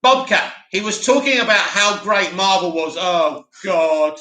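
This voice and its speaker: A man hosting a live stream, chatting casually and answering viewer comments in an animated way. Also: high voice, a little slow, roomy sound. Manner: chatty, animated, mocks a dramatic voice.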